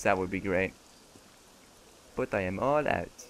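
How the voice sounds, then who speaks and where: A man with a deep voice speaks a little slowly while doing casual let's play commentary. He jokes around, chats freely, and talks back to the characters in the game.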